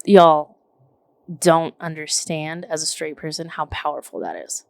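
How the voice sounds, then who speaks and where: Woman, 30s, podcast co-host; gravelly, lowish voice, chatty and outspoken. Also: measured pace, no room sound. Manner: animated, filler-heavy storytelling with frequent "like" and "literally"; outspoken, swears casually. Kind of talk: casual chat.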